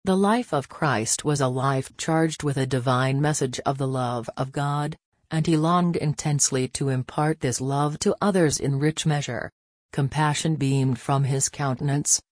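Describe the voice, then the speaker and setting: A man reading a daily devotional aloud in a measured, reverent manner. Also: medium pitch, no echo, studio quality. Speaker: devotional reader.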